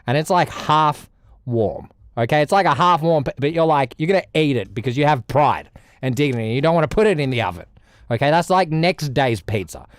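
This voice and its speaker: A young Australian man chatting casually on a music livestream, rambling, with loud bursts and low mutters. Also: a little fast, no room sound, studio quality. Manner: animated, rambling, swings between loud outbursts and mutters. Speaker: music streamer.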